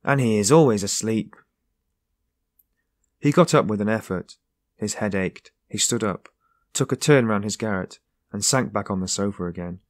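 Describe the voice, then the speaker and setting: A man reading a classic novel aloud in a measured, even narration. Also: fairly low pitch, no echo, clean studio sound. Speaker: audiobook narrator. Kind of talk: scripted narration.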